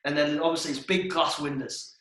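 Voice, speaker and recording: Sweary lad telling stories, echoey room. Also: male voice, fairly high pitch, flat delivery, brisk, a bit bright. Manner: swearing, storytelling, laughs mid-story. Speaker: podcast co-host. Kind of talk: casual chat.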